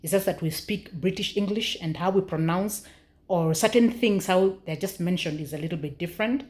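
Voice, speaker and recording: A woman's voice: lowish voice, moderate pace, darkish tone. A young Kenyan woman with a Kenyan accent, chatting casually in her vlog, laughing often and using lots of fillers. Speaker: vlogger.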